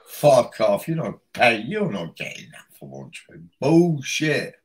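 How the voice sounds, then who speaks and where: A brash man on a livestream video call mocks the others and swears freely. His pitch swings widely, and a faint hiss runs under his line. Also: very animated, unhurried. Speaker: livestream guest. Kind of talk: casual crude banter.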